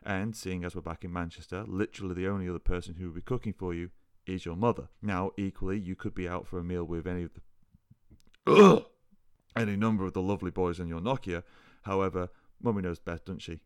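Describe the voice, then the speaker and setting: A man's voice: low-pitched, steady tone, fast, clean tone, dry recording, studio quality. A man voicing a drunk, brash young woman student detective, slurring and rambling in a cocky way. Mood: slurred mocking.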